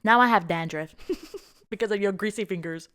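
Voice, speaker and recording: A woman's voice: medium pitch, moderate pace, a bit bright. A young woman co-hosting a podcast, chatting casually, ranting in an exasperated way and laughing often. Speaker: podcast co-host. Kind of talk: casual chat.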